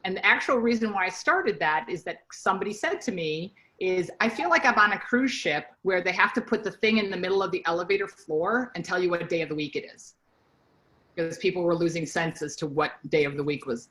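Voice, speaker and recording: A woman's voice: on the low side, poor audio. A middle-aged woman giving a casual training talk to her sales team, chatty and full of stories and asides. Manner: chatty, animated storytelling with asides.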